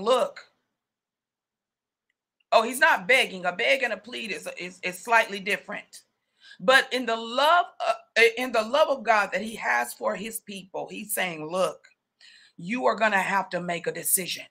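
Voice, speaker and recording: Woman preacher, higher bright voice, fervent, repetitive, slangy sermon delivery. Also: animated, measured pace, long pauses. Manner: fervent, rising to speaking in tongues and shouting; street slang, repeated rhetorical questions.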